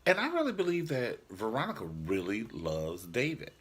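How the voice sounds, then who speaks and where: A man's voice: on the low side, big pitch swings, unhurried, long pauses, fairly bright tone, slightly rough. A man casually reviewing a TV drama episode in a sassy, joking vlog style. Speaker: TV show reviewer.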